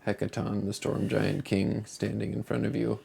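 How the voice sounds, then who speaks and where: Guy running a dnd game, low gravelly voice, takes his time. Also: monotone, mellow. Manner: slow, gravelly narration. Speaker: game master. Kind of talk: narrating a tabletop game.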